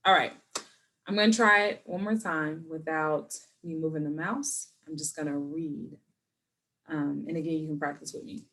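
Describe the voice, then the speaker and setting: A woman teacher recording a lesson for her students at home, patient and encouraging, slowing down to model words clearly. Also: low voice, fairly even intonation, a bit bright.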